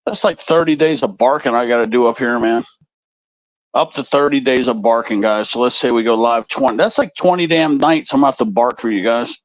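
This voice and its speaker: A man with a mid-range voice hosts a live stream, talking briskly, casually and crudely straight to his chat in a rambling way. The audio is poor, with no room sound.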